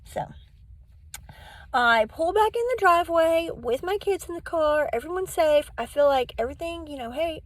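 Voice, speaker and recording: A woman's voice: sits high, no room sound, poor audio. A middle-aged woman telling a personal story to camera, candid and rambling, acting out what people said. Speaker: vlogger.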